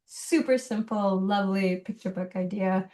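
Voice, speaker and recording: A middle-aged woman, a children's book illustrator, chats as a guest in a casual interview. She tells stories animatedly and laughs often, speaking at medium pitch and a normal speed.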